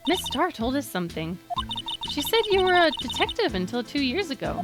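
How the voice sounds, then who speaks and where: A woman streaming a video game live, reading the dialogue aloud with quick asides, over game music. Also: high-pitched. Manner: animated, reads lines aloud with quick asides.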